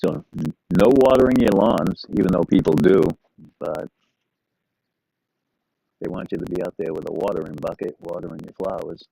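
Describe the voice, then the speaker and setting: A man's voice: sits low, normal speed, creaky, long pauses, warm tone, no room sound, rough recording. A middle-aged man hosting a live stream, chatting casually and rambling in an easygoing way to his viewers. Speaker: livestream host.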